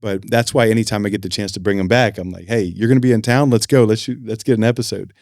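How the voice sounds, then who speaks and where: A man hosting a podcast in a studio, chatting casually and telling stories with lively acted-out quotes. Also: lowish voice, fast talker, no echo. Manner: animated storyteller, acts out quotes. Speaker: podcast host. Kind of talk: casual chat.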